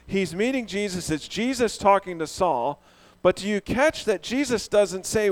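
Male pastor, animated sermon delivery, fairly high voice, questions the crowd. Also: normal speed. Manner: animated, asks the audience questions.

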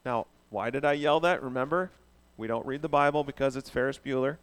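A man preaching a sermon in an animated way, asking the congregation questions. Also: medium pitch, a little fast. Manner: animated, asks the audience questions. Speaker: pastor.

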